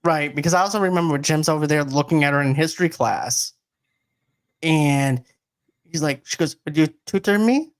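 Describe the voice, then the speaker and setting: A man's voice: on the high side, normal speed. Easygoing man chatting about a movie. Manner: easygoing, agreeable, retells scenes. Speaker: podcast co-host. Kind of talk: casual movie review chat.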